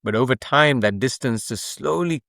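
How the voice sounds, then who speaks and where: A man speaking in an interview at a middle pitch, with an explanatory, emphatic way of talking. He leans on rhetorical questions to drive his points home. The sound is dry and close. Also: moderate pace, creaky, a bit bright, dry recording. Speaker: author and coach, podcast guest. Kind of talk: conversational interview.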